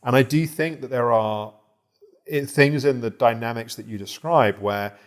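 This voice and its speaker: A man guiding a therapy client, calm and reflective, explaining ideas with small restarts. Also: medium pitch, moderate pace. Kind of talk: therapy session guidance.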